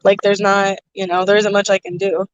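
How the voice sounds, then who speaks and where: A woman hosting a livestream, chatting casually and loudly over a phone from inside a noisy car. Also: mid-range voice, level tone, brisk, highs cut off. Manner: loud, projecting voice. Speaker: livestream host. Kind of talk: casual chat.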